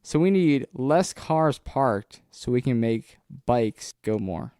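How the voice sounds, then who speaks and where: Earnest man with a mellow voice. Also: medium pitch, animated, slow, clean tone, dry recording, clean studio sound. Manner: earnest, opinionated, restarts mid-sentence. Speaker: podcast host. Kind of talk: casual chat.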